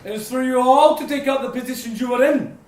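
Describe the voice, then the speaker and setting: A man's voice: very high voice, fairly quick, background noise. A man playing a pompous, bumbling police inspector who blusters and mangles his words, in an amateur stage play. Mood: blustering. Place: stage in a hall. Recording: echoey hall from far off.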